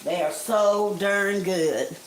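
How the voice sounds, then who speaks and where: A woman streams a recipe live from her home kitchen, speaking slowly in a medium-pitched voice and chatting warmly with viewers, whom she calls "honey" and "guys." The rough audio carries faint kitchen sounds and the sizzle of frying.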